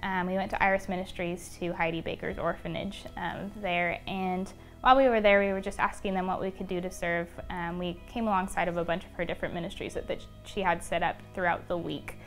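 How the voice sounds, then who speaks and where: A woman's voice: fairly low pitch, fairly even intonation, fairly quick, few pauses, faint music behind. A young woman being interviewed, telling a personal story in a casual, chatty way, full of "um" and "like". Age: young adult. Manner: chatty, many fillers like "um" and "like". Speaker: interview guest.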